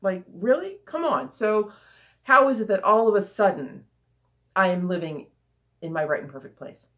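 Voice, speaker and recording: A woman coach giving a casual, chatty teaching talk, lively and repeating phrases for emphasis. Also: mid-range voice, moderate pace.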